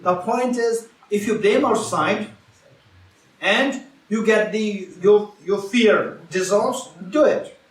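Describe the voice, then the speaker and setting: Speaking slowly in a high-pitched voice, a man offers an interactive Buddhist teaching in which he asks the audience questions and repeats important phrases. The sound is that of a roomy retreat hall, picked up from far away.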